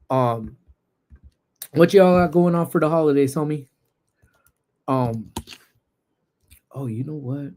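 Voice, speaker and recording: A young man hosting a casual livestream from a laptop, chatting with viewers in relaxed slang. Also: mid-range voice. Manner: laid-back, slangy, greets chat viewers. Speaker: livestream host. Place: indoors at work.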